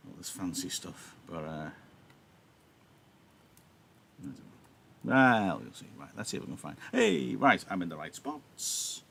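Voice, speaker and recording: A man's voice: sits low, wildly swooping pitch, a little slow, creaky, long pauses, a bit bright, slight background noise. A male teacher, chatty and apologetic, explaining a play on a livestream through his laptop, his throat a little sore. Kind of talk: livestreamed reading lesson with analysis.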